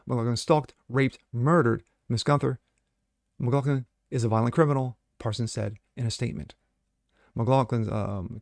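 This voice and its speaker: Blunt, gravelly male news commentator. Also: medium pitch, a little mellow, no room sound, clean studio sound. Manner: blunt, sarcastic, many fillers. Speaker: host. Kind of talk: solo commentary reading news and opining.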